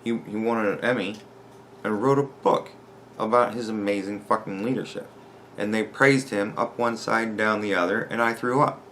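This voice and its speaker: A podcast host delivering a profane, sarcastic rant in an exasperated tone. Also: male voice, lowish voice, fairly even intonation, normal speed, fairly bright tone, a little hiss or hum. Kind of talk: ranting commentary.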